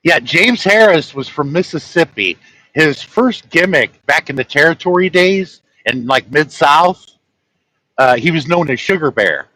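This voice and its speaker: Man, truck-driving vlogger, rambling casual storytelling, chuckles at his own tales, bright forward tone. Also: fairly high pitch, lively intonation, a little slow, low-quality recording.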